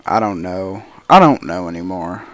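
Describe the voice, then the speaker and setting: A man's voice: deep voice, expressive, moderate pace, fairly bright tone, dry recording. A man giving casual gameplay commentary as a let's play host, grumbling to himself in frustration.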